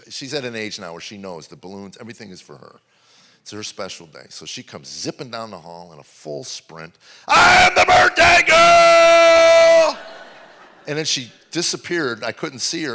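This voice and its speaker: An older man performing a rambling stand-up comedy set on a live stage. He tells stories and swings from low mutters to loud exclamations.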